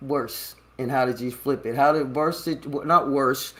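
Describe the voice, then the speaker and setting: A woman's voice: a bass voice, moderate pace. A woman hosting a casual interview show, asking eager questions in a scattered, easygoing way and laughing often. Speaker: talk show host.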